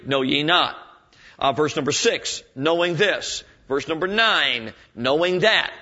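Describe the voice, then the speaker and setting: Guy preaching a sermon, kinda high voice, folksy, muffled lo-fi sound. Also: sharp tone, husky. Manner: folksy, storytelling, rhetorical questions to the congregation. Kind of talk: evening sermon. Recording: dull lo-fi sermon recording.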